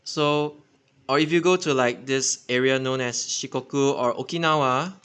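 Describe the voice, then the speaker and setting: A transit enthusiast channel host with a Singaporean English accent gives an unscripted, casual explainer in a medium-pitched, fairly bright, clean voice at a moderate pace. He rambles, using many fillers and self-corrections.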